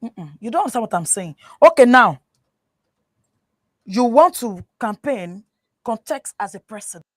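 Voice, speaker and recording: A woman with a Nigerian accent on a talk show, giving animated, preachy advice, switching into Yoruba and often asking "you understand?". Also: fairly high pitch, normal speed, long pauses, no echo, clean studio sound. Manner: mixes English with Yoruba. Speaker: guest. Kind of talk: casual talk show chat.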